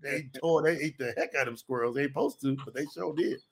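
A man, preaching to an audience in a folksy, animated, repetitive way. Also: fairly high pitch, fast talker, husky. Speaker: preacher and co-host.

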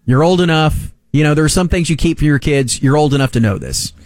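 A man in his forties, a radio host, telling a family story in a lively way and laughing along. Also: fairly high pitch, quick pace, no echo, studio quality. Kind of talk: casual storytelling on a sports talk show.

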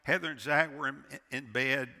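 A man's voice: mid-range voice, fairly even intonation, moderate pace. A man preaching a fervent sermon in a reverberant church. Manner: impassioned preaching, swinging from loud to hushed. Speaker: pastor. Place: church sanctuary.

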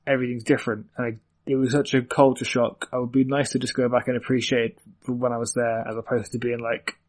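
Irish-born young podcast co-host, rambling and filler-heavy, mid-pitched voice. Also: male voice, fairly even intonation, quick pace, few pauses, darkish tone. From Ireland. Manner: chatty, rambling with many fillers. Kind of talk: casual chat.

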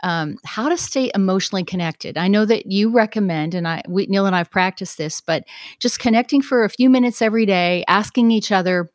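A woman's voice: medium pitch, fairly quick, no echo, clean studio sound. A woman hosting an interview, responding reflectively and adding her own thoughts. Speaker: radio ministry host. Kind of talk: interview conversation.

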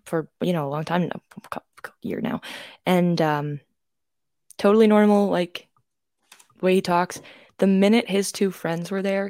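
Young woman, podcast co-host, casual chat, lowish pitch, dry close sound, rambling storyteller. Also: darkish tone, no echo. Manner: chatty storyteller with many fillers and restarts.

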